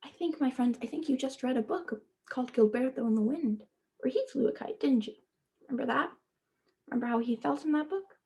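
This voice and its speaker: A woman teacher reading a children's picture book aloud, stopping to gently ask her young listeners questions. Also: sits high, a little fast, breathy edge. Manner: speaks to children as "friends".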